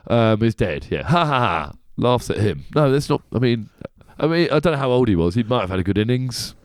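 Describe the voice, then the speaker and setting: A man co-hosting a podcast, rambling and laughing his way through casual banter. His pitch moves in a lively, animated way, and the sound is dry and close with no room echo. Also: brisk. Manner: laughs a lot, rambling self-deprecating banter. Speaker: podcast co-host. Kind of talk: casual chat.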